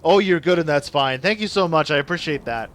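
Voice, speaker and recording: Young Canadian male streamer, slightly high voice, chatty and apologetic with his chat. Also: a little fast, a bit bright. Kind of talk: live gameplay commentary chatting with viewers.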